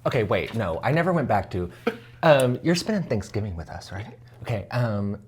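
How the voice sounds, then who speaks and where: A woman's voice: very deep voice, very animated, moderate pace, a little mellow, slightly rough. A woman co-hosting a podcast, trading playful, crude jokes with many ums in casual banter. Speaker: podcast co-host.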